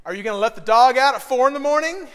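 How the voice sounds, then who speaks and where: A man preaching a sermon as a pastor. He talks conversationally, dropping to a hushed, earnest tone and then rising into loud bursts. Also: extremely high pitch, lively intonation, fast. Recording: long hall reverb.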